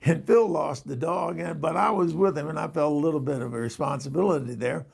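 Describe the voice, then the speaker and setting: Gravelly older man spinning a yarn. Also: a little high, a little fast, a little mellow. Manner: rambling, chuckling, confiding with listeners. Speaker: storyteller host. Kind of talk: comic anecdote telling.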